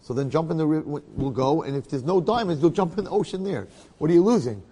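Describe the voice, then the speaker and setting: A man, a rabbi, telling a story in a talk in an animated way, often checking in with his listeners. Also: on the high side, quick pace, husky, in a large hall.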